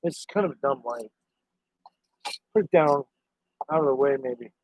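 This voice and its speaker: A man's voice: medium pitch, measured pace, darkish tone, husky, no room sound. A man chatting casually on a live stream, rambling to his viewers and his dog. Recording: dry, dull lo-fi sound.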